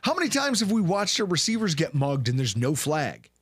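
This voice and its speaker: Animated man in casual sports talk. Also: fairly high pitch, fairly quick, breathy edge, dry recording, clean studio sound. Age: late 20s or 30s. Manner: animated storyteller, acts out quotes loudly. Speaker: co-host of a sports recap show.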